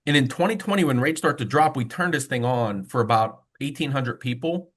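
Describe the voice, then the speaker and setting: A male mortgage loan officer presents a webinar over a video call, telling stories casually with frequent fillers. He speaks briskly in a mid-range voice.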